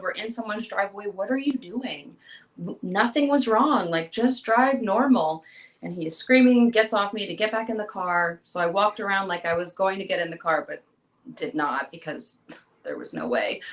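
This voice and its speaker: A woman's voice: on the low side, rough recording. A young woman being interviewed, telling a personal story and acting out the dialogue she quotes. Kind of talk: emotional personal account.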